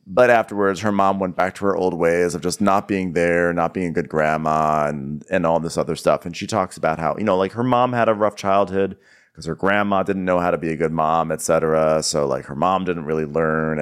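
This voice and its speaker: A man's voice: low-pitched, clear, resonant tone. A man co-hosting a podcast, chatting casually and wryly about a reality show. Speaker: podcast co-host. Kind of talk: casual comedic recap chat.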